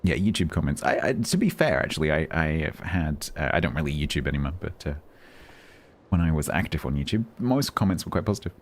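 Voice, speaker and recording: Deep-voiced guy chatting on his stream, steady even delivery, dry jokes. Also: fast. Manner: steady, even-toned, dry self-deprecating. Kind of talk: casual live-stream chat.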